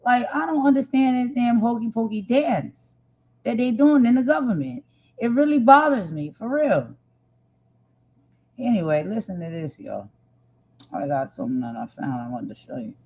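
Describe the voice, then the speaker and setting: A woman with a slightly high, dark-toned voice hosts a livestream, speaking at a normal speed with lively intonation. She addresses her viewers directly, earnest and impassioned, in emotional commentary.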